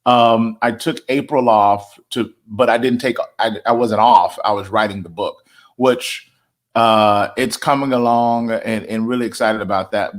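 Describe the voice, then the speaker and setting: Playful pastor, man. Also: fairly low pitch. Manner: playful, joking, drawls words for emphasis. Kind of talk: casual livestream talk to viewers.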